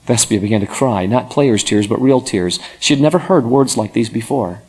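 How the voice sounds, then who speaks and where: Husky man telling a story. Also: mid-range voice, normal speed, hardly any pauses. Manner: expressive, dramatic storytelling. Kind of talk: storytelling narration.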